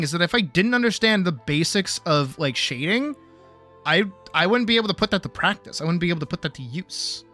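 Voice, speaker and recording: A man with a high, bright voice is teaching art on a casual stream. He is blunt, cheeky and profane, and faint music sits under his talk. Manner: blunt, teasing, profane, lecturing with playful bravado.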